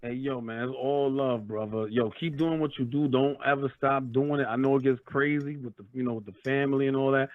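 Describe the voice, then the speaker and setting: A man's voice: mid-range voice, fairly even intonation, brisk, few pauses, no echo. A man calling in to a livestream podcast, talking in laid-back slang with easy hype. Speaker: caller. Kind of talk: casual call-in chat. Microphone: phone call. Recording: tinny phone line.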